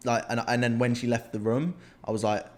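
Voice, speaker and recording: Animated young man telling stories. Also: mid-range voice, brisk. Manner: animated storyteller, repeats himself, acts out scenes. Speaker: podcast co-host, men's coach. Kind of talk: candid casual chat.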